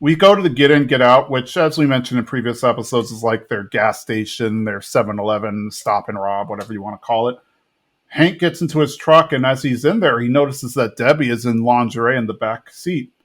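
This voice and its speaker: A man hosting a podcast, casually retelling an episode with animated quick quotes of characters. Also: mid-range voice. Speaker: podcast host.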